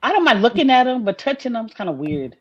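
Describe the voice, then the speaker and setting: A woman chatting in a relaxed, expressive way over a muffled, lo-fi microphone. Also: fairly high pitch, fast talker, over a noisy crowd. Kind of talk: casual group chat. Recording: muffled lo-fi mic.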